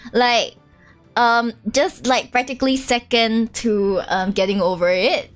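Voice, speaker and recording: A young woman streaming a game, chatting casually in an animated, giggly way. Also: a little high, a little slow, faint music behind. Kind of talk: casual let's-play chat.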